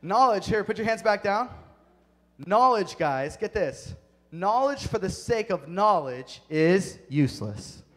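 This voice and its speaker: A man preaching a sermon to a youth group, energetic and emphatic, speaking straight to the kids. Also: sits high, unhurried. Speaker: youth pastor. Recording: long hall reverb.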